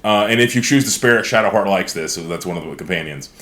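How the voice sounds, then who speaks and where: A man co-hosting a podcast in casual chat, excited and profane, slipping into voices for game characters. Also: low voice, quick pace. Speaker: podcast co-host.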